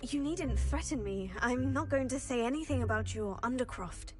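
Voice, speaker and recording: A composed, polite young student with a high, light voice, as a woman acts her out for a video game. She answers evenly and courteously, with game music in the background. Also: normal speed, lightly acted. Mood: calm. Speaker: video game player character.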